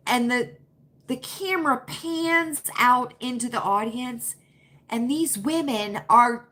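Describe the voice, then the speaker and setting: A woman's voice: fairly high pitch, slow, a bit bright. A woman hosting a casual livestream, chatting and answering viewer comments in an emphatic, repetitive, opinionated way. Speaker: livestream host.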